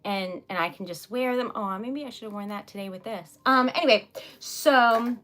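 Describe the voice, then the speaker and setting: A woman's voice: on the high side, moderate pace, a bit bright. A young woman with a Rhode Island accent, chatting casually on a livestream with viewers, giggly and easily sidetracked. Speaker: livestreaming poet and craft seller.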